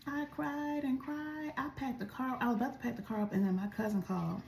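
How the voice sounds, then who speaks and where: Gravelly-voiced woman chatting while eating. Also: fairly high pitch, fairly quick, dark tone, a little hiss or hum. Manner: chatty, talks straight to viewers. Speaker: vlogger. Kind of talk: casual storytelling while eating. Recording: echoey room.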